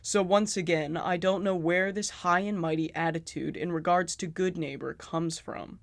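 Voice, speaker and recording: A man's voice: a little high, steady tone, moderate pace, vocal fry, a bit bright, no echo. A man giving sarcastic, profane commentary on a video game. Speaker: video essayist.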